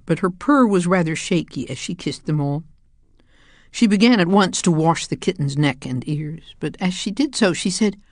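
Low-voiced woman reading a children's story. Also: expressive, moderate pace, no room sound, studio quality. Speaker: narrator. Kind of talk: audiobook narration.

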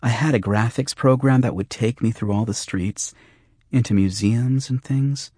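A man voicing a frightened, dreamy young woman in an audiobook, speaking softly. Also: medium pitch, moderate pace, husky, no echo, studio quality, pitched above the performer's own voice, lightly acted. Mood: wistful.

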